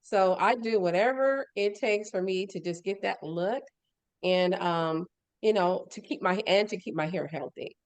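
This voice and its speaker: A woman's voice: mid-range voice, a little slow, no echo. A woman on a video call chatting casually and playfully about her routine, laughing easily. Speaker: webinar contributor. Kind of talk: casual chat.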